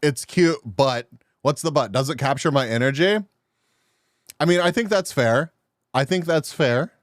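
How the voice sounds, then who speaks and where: A man's voice: on the high side, measured pace, no room sound, clean studio sound. A man live-streaming and chatting casually with his viewers, making crude jokes and laughing often.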